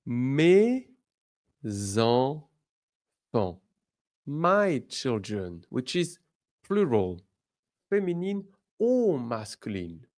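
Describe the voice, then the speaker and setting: A man teaching a beginner language lesson, leading repeat-after-me drills and praising often. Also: medium pitch. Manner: slow, expressive, encouraging drills. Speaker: French teacher.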